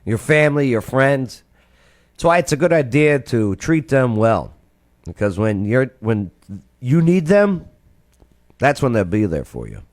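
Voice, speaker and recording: A man hosting a reaction video, giving animated, conversational commentary. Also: mid-range voice, a little slow.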